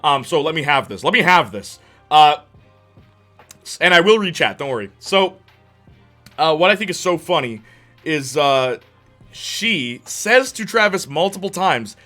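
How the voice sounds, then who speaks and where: A man chatting excitedly and rambling about games on a live stream. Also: on the high side, moderate pace, soft background music. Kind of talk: casual chat on a live stream.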